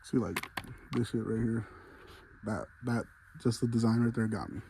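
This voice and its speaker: A man strolls through a large indoor fireworks store, vlogging casually, winded but chatty and excited. He speaks at a moderate pace in a gravelly voice that sits on the low side, over very noisy surroundings.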